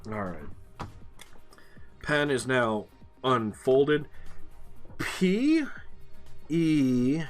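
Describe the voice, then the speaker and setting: A man giving casual game commentary, thinking aloud as he works through clues, muttering and swearing now and then. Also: medium pitch. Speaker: gaming streamer.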